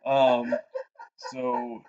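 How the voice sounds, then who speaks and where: A man in his twenties, a podcast co-host telling a long anecdote in a casual, animated and profane way. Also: medium pitch, extremely slow. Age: 20s. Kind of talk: casual storytelling chat. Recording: dull lo-fi podcast audio.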